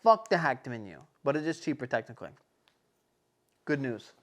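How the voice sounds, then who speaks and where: A young man hosting a casual podcast, telling a story in an animated, rambling way full of swearing and fillers. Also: mid-range voice, normal speed. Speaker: podcast host.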